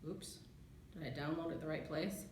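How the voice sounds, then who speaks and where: A woman's voice: deep voice, steady tone, moderate pace, slight background noise. A woman librarian giving a chatty screen-share tutorial, thinking aloud as she clicks through a research tool. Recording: echoey room.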